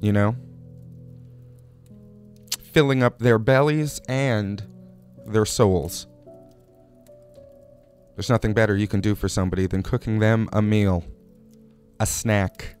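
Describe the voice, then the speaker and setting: A man hosting a comic radio show, delivering an absurd monologue with a drawling, playful manner. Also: lowish voice. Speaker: host.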